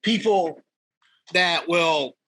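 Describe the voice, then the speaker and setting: A man's voice: on the high side, drawn-out words, bright, forceful tone, slightly rough, no room sound, rough recording. A man talking as a fitness coach in a casual podcast chat, blunt and emphatic, swearing freely.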